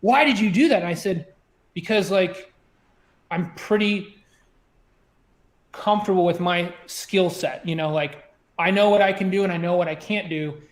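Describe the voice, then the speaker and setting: A man's voice: high-pitched, steady tone, a little slow, pauses often, roomy sound. A man, a former submarine officer, telling a story in a chatty way, full of "you know" and "like" and many restarts. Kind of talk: conversational storytelling.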